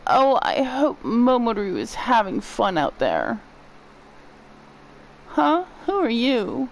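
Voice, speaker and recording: A woman's voice: a little high, wildly swooping pitch, slow, gravelly, a little hiss or hum, pitched above the performer's own voice, heavily acted, poor audio. A woman voicing a sick young boy with a put-on accent, whining about his medical examinations. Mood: weary. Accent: put-on unnamed accent.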